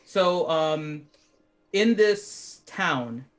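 Slow, hesitant man playing a tabletop game. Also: fairly high pitch, animated, a bit bright. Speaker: player. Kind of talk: casual tabletop game play.

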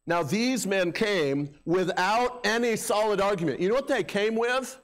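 A man's voice: sits high, expressive, unhurried, a bit bright. A middle-aged male pastor preaching a sermon in a church, talking in a conversational way with filler words and raising his voice when he mocks a crowd. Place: church sanctuary. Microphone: handheld or stand microphone.

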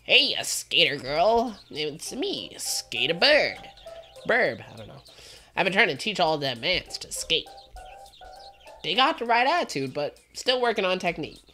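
A woman's voice: lowish voice, very animated, a little slow, bright, forceful tone, soft background music, pitched above the performer's own voice, exaggerated voice. A woman voicing a laid-back, cool skateboarding bird with a drawling, slangy skater way of talking.

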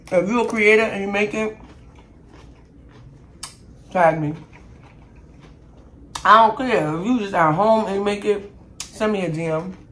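A woman runs a relaxed cooking and eating vlog in a lowish, somewhat bright voice, with a faint hiss or hum in the recording. Chatting to viewers as "y'all," she tastes her food between words and boasts about it in fun.

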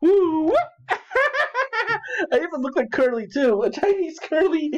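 A man putting on a goofy slapstick comedian impression, whooping and giggling between high-pitched nonsense sounds. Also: animated, takes it slowly, exaggerated voice. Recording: dull lo-fi sound.

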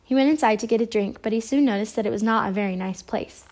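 A woman reading a children's picture book aloud in a gentle, expressive way. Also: a little high, fast talker. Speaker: storybook reader. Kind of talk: read-aloud children's story.

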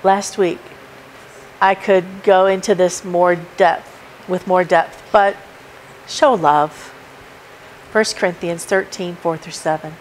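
A woman's voice: fairly low pitch, steady tone, takes it slowly, long pauses, slight background noise, rough recording. A woman preaching a sermon at a church service, emphatic and repeating her key points as she works through a numbered list. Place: church sanctuary.

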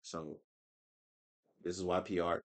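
A man's voice: sits low, little pitch movement, slow. A man giving casual, slangy reaction commentary with lots of swearing. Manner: slangy, emphatic, swears a lot. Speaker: reaction streamer.

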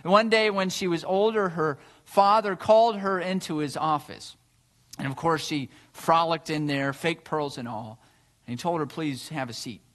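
High-voiced animated male preacher. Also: moderate pace. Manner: animated storytelling, earnest rhetorical questions. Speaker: pastor. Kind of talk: sermon.

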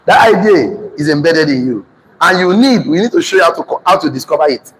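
A man's voice: on the high side, expressive, brisk, a bit bright, a little hiss or hum. A man with a Nigerian accent giving a preachy motivational class, emphatic and repetitive, dictating lines for notes in a hall with a live class. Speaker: class teacher and motivational speaker. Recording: reverberant hall.

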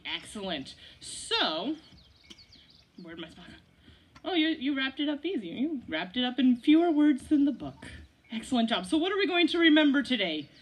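A woman's voice: fairly high pitch, breathy edge. A woman leading a children's story outdoors at a church service, playful, laughing and asking the kids questions. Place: outdoors by a gazebo.

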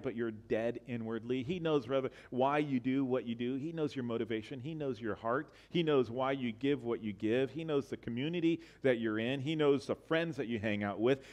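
Guy preaching a sermon at church, earnest, keeps repeating himself, gets loud then goes soft. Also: mid-range voice. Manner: earnest, repetitive, builds to emphatic bursts then drops quiet. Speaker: pastor.

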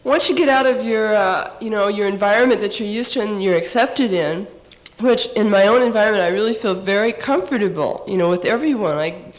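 A woman architect on a discussion panel, telling stories from her work in a lively, halting way with frequent laughs and restarts, recorded from some distance in an old panel recording. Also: medium pitch.

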